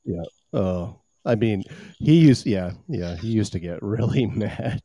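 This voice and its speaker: A man in his thirties hosting a casual podcast, telling stories with a lively, swooping delivery and frequent laughs. His voice sits slightly low, and it is recorded close and dry with no room sound. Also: measured pace, no room sound. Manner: animated storyteller, laughs often. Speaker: podcast host. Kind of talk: casual chat.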